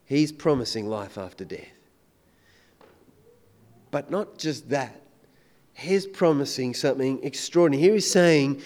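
A man preaching a sermon, swinging between loud emphatic declarations and hushed, intense questions. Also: sits high, normal speed.

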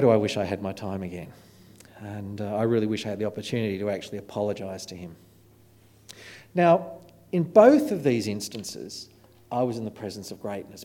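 A man giving a sermon, telling stories in an animated, self-deprecating way. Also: on the low side. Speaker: preacher. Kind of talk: storytelling sermon.

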